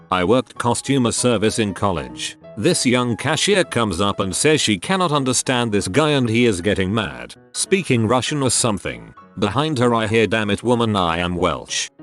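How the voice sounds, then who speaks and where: A man narrating online stories in a steady, scripted reading style. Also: on the low side. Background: faint background music.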